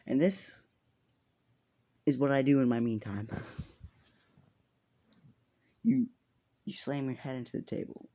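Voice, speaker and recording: Brief: laid-back guy narrating a fan story, mellow voice, loose and profane. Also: mid-range voice, big pitch swings, slow pace, long pauses. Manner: rambling, laughing, swearing often. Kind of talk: casual fan story retelling.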